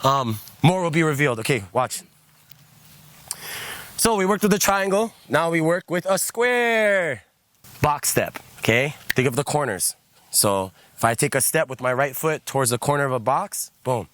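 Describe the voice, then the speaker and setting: A man leading a guided movement class, calmly coaching steps, counting aloud and leading rhythmic chants. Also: a little high, normal speed, no room sound.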